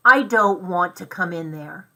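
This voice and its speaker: A woman's voice: on the low side, a little slow, bright, forceful tone, poor audio. A woman voicing a stubborn young boy who speaks bluntly and wonders aloud, in a children's storybook reading. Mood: sullen.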